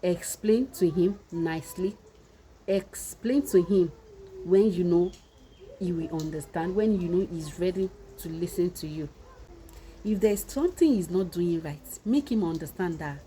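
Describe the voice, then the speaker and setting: A woman's voice: fairly low pitch, expressive, moderate pace, dark tone, a little hiss or hum, rough recording. A woman with a Nigerian Yoruba accent, giving earnest, repetitive marriage advice in a casual monologue.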